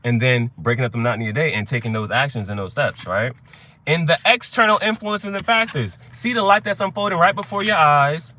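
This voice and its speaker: A man's voice: a little high, expressive, brisk, pushed and bright. A young adult man hosting a tarot reading chat, talking in a rambling, profane way and telling stories with quoted voices. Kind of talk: casual livestream chat.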